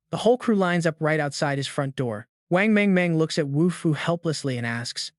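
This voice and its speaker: A man's voice: fairly high pitch, animated, normal speed, few pauses, no room sound, clean studio sound. A man narrating a comic recap with punchy, emphatic storytelling.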